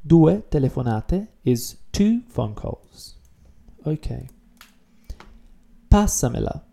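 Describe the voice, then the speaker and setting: Man, language teacher, very dark mellow tone, patient explaining style for a beginner video lesson. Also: fairly high pitch, sing-song, gravelly. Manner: explanatory, repeats key words slowly.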